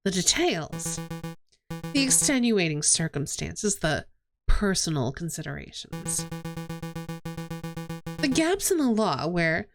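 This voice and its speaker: Calm, lower-voiced rooster prosecutor, formal and reflective, a woman voices him, faint music behind. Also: slow, long pauses, exaggerated voice.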